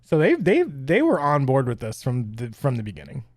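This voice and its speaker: A man co-hosting a podcast in casual chat, animated, often laughing, his pitch jumping up when excited. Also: normal speed, dry recording, studio quality. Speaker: podcast co-host.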